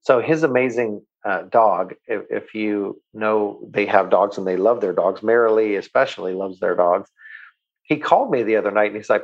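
A man's voice: on the low side, brisk, muffled recording. A man, a guest who runs a water company, telling a long anecdote in casual chat and acting out the voices he quotes. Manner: animated storyteller who acts out quoted voices.

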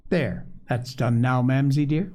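A man voicing a cheerful, motherly older girl in a storybook reading, brisk and reassuring. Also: mid-range voice, mellow, lightly acted. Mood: fond.

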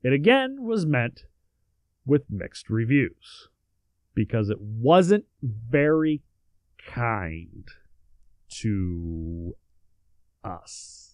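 A man's voice: medium pitch, big pitch swings, extremely slow, long pauses, a little mellow, dry recording. Guy on a podcast reading history notes, casual, cracks jokes n swears, dead dry sound. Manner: reads facts then adds joking asides and swearing. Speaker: podcast co-host.

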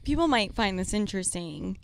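A woman's voice: medium pitch, lively intonation, fairly quick, gravelly. A young woman co-hosting a podcast in frank casual chat, swearing casually and saying "like" a lot. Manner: frank and talkative, swears casually, says "like" often. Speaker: podcast co-host. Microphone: studio microphone.

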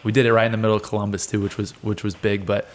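A man in his twenties, a guest on an interview show, telling a lively story and acting out what people said, with frequent laughs. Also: on the low side, rapid-fire. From United States. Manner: animated storyteller, acts out quotes, laughs often. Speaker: guest, wrestler and fighter.

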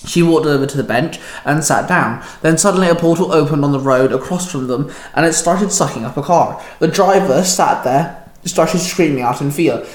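A man narrating his story in a plain, steady reading with small stumbles. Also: fairly high pitch, normal speed, roomy sound. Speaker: fan fiction narrator.

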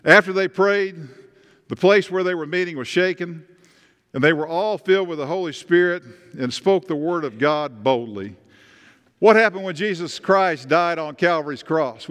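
A man's voice: high voice, fairly bright tone. A man, preaching a sermon as pastor, talking in a conversational way and asking the congregation questions. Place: church sanctuary. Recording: long reverb of a church hall.

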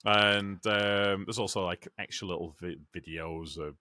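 A man's voice: low-pitched, steady tone, measured pace, sharp tone, no echo. A man co-hosting a podcast in casual banter, joking and swearing freely while stumbling over his words. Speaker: podcast co-host.

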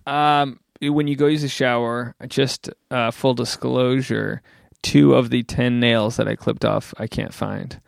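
Podcast host, male, gravelly, dry close mic, rambling self-mocking humor. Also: mid-range voice, steady tone, unhurried, no echo. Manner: rambling, self-deprecating jokes. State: out of breath. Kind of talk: casual chat. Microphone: home podcast mic.

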